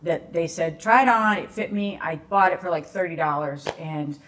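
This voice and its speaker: A woman tells a story as a podcast guest, chatting casually. Her voice sits a little low. She acts out the people in the story with lively shifts. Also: normal speed. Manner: animated storyteller acting out quoted dialogue.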